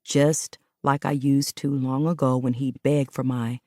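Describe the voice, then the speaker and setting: A woman with a notably low, deep voice reads a first-person audiobook in an intimate, emotional way. The recording is dry and close, with no room sound. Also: level tone, unhurried, dark tone, no room sound. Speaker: audiobook narrator.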